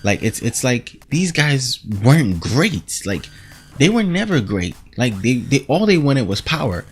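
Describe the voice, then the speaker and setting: A man giving a casual, animated TV episode recap, rambling and acting out quotes as he goes. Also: medium pitch, measured pace, breathy edge. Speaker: show reviewer.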